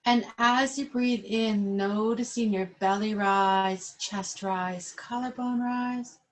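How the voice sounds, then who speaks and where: A woman yoga instructor leading a class over a webcam, giving calm, slow guided instructions. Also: mid-range voice, rough recording.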